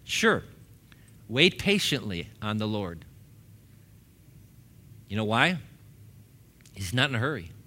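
Bright-toned male pastor preaching conversationally. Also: lowish voice, big pitch swings, slow, long pauses. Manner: conversational preaching with laughs and acted-out quotes. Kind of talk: sermon. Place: church sanctuary.

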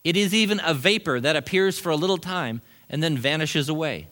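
A middle-aged man preaches a sermon in a church. His voice sits a bit high for a man, and he swings from loud emphatic lines to quiet, low asides. He chuckles briefly between his points. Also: brisk. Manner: animated preaching with sudden drops to quiet asides. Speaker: pastor. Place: church sanctuary.

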